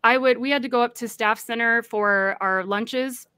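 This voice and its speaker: A woman's voice: a little high, moderate pace, sharp tone, smooth, no room sound. A woman guest recounting a personal story in earnest, acting out the voices of people she quotes.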